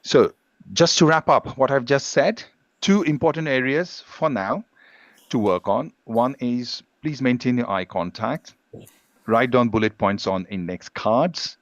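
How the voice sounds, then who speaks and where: In a dry, lo-fi recording, a man with a mid-range voice leads a live workshop on speaking skills as a guest English language teacher. He keeps a measured pace and explains steadily, putting stress on single words in his demonstrations.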